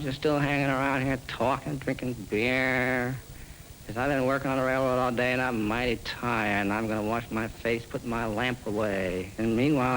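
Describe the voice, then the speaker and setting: A tired, gruff working man scolds his loafing friends, as a man voices him in a film narration. He sounds worn out and grumbling. A faint hiss runs under the voice. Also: mid-range voice, lightly acted, poor audio.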